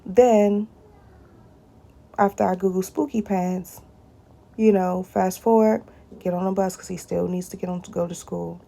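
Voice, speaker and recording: A woman's voice: mid-range voice, steady tone, unhurried, gravelly, long pauses, mellow. A woman speaking straight to her viewers in a personal video blog, often addressing them directly and repeating short phrases.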